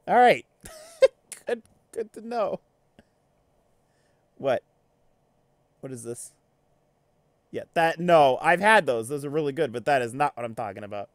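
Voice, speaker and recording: A man's voice: on the high side, unhurried, long pauses, dry recording. A man hosting a let's play, chatting casually and reacting to viewers while he plays. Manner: animated, chatty, reacts to chat. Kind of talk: casual gameplay commentary.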